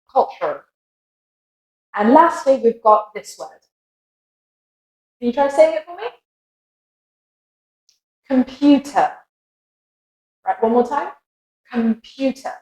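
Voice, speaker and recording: A woman's voice: medium pitch, a little mellow, reverberant, low-quality recording. A young British woman teaching English pronunciation, patiently modelling words and inviting listeners to repeat them. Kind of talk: pronunciation lesson.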